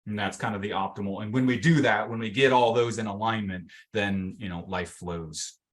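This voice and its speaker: A mental fitness coach with a fairly low voice leads a workshop session on a video call at a moderate pace. He talks casually with lots of fillers and acts out inner voices.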